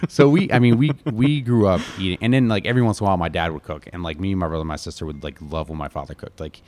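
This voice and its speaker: A man from Connecticut talks quickly in a low voice. He is a chef and restaurant owner telling family stories in a casual interview. He is animated, mimics his relatives, and scatters "like" everywhere. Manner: animated, quotes family members, heavy use of "like".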